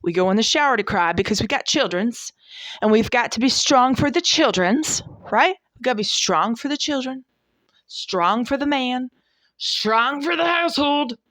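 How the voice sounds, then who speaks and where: A woman's voice: on the high side, animated, normal speed, a bit bright, dry recording, clean studio sound. A woman in her forties giving a devotional talk in an emphatic, folksy way, repeating her points for stress. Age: 40s. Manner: emphatic, repetitive, folksy preaching. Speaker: devotional podcast host.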